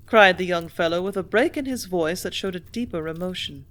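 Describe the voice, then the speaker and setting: A woman narrating an audiobook in a steady, even storytelling manner. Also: on the low side, a little fast, hardly any pauses. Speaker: audiobook reader.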